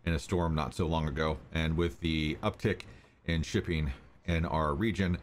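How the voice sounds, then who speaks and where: A man voicing a stern, focused male dwarf major from a mariners guild, brisk and businesslike. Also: extremely low pitch, steady tone, slight background noise. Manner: brisk and businesslike, plain-spoken. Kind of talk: game master voicing a character.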